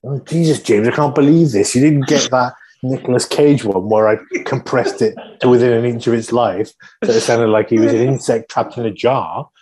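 A man's voice: mid-range voice, darkish tone, husky. A man co-hosting a podcast, rambling and joking as he guesses. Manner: rambling, jokey, quick to laugh. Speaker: podcast co-host. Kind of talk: casual comedic chat.

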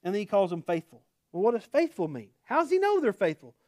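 A man's voice: high voice, wildly swooping pitch, fast, a little mellow, dry recording, clean studio sound. A man with an Oklahoma accent preaching a sermon to his church in a folksy, chatty way, laughing at his own asides. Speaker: pastor. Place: church sanctuary.

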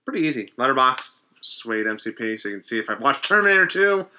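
A man co-hosting a podcast in casual chat, jokey and animated. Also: mid-range voice, fast talker. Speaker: podcast co-host.

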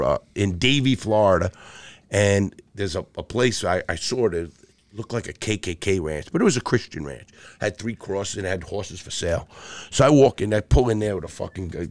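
A man's voice: fairly low pitch, no room sound. A middle-aged man with a Brooklyn accent, a podcast guest telling stories full of swearing and acted-out dialogue. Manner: swears constantly, animated storyteller acting out dialogue. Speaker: podcast guest, former jewel thief. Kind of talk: profane storytelling.

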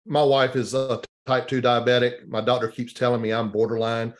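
A man hosting a casual interview, relaxed and enthusiastic about food. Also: mid-range voice. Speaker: host.

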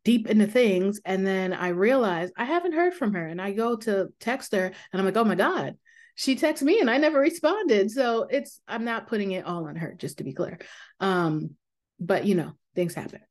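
A woman hosting her own podcast, talking candidly and reflectively in a casual way, with fillers and soft laughs. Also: mid-range voice, moderate pace. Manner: calming voice for guided meditations. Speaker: podcast host. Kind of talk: casual personal podcast talk.

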